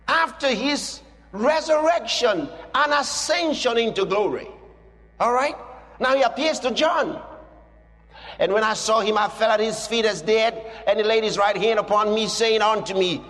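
A man preaching a sermon, reading scripture and swinging between hushed asides and shouted declarations, with chuckles between points. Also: high voice, expressive, unhurried. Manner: reads scripture aloud to a congregation. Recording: long hall reverb.

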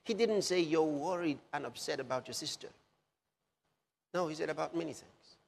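A man preaching a sermon, slowly repeating key phrases for emphasis. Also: a little high, gravelly, slight background noise. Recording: long hall reverb.

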